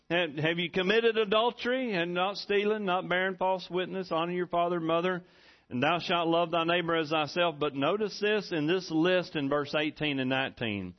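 A middle-aged pastor delivering a sermon with a folksy, chuckling storyteller's touch. His voice sits a little high for a man. The recording sounds dull and muffled. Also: moderate pace. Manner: folksy storytelling, laughs often.

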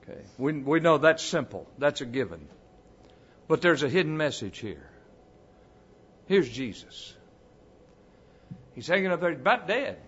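A man preaching a sermon, dropping to a hush and then rising to a booming cry, repeating phrases for emphasis. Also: very animated, husky, highs cut off. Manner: swings from hushed to booming, dramatic pauses.

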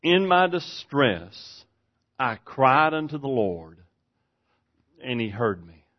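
A man preaching a sermon, swinging from hushed, slow scripture reading up to loud, shouted preaching. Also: medium pitch, very animated. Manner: reads scripture slowly and deliberately. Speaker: pastor. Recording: dull lo-fi sound.

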